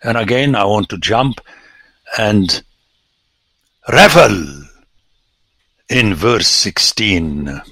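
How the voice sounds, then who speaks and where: A man, a priest, giving a lecture on scripture with animated, theatrical emphasis and sudden exclamations. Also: on the low side, slow, no room sound.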